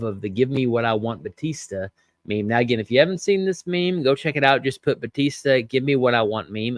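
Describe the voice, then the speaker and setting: A man's voice: mid-range voice, no room sound, studio quality. A man hosting a podcast, casually recapping and commenting on a wrestling show, chatty with many fillers and reading out viewer comments. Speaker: podcast host reviewing wrestling.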